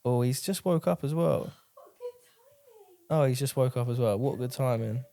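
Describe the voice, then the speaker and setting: A man's voice: mid-range voice, moderate pace, creaky, mellow, a little hiss or hum. Jokey man co-hosting. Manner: jokey, rambling, talks baby-talk to the dog. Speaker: podcast co-host. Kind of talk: casual chat.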